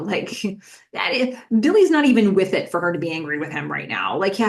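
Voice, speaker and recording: A podcast host, this woman gives a chatty recap of a TV episode, packed with fillers and questions aimed at her listeners. Her voice is fairly low in pitch and a bit bright.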